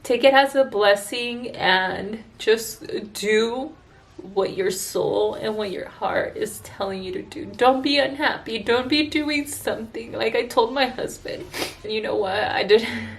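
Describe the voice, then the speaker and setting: A woman esthetician talking to her viewers in a personal vlog, tearful and earnest, halting with sighs and restarts. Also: fairly high pitch, creaky. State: tearful, crying. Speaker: esthetician vlogger. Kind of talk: emotional personal vlog talk.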